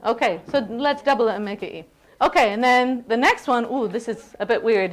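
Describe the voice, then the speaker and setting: Woman lecturer, slightly high voice, lively and playful with her class. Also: fairly quick. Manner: lively, playful, checks in with "okay?" often. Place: university classroom.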